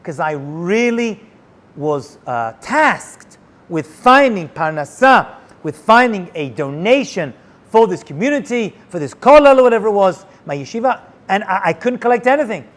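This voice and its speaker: High-voiced rabbi telling a story. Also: male voice, moderate pace. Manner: animated storyteller, sprinkles Hebrew and Yiddish terms. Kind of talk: storytelling talk.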